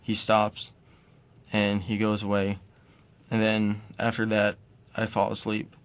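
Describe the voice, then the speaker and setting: A man quietly recounting a personal experience in pausing, fragmented phrases. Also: fairly low pitch, completely flat delivery, smooth. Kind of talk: personal testimony.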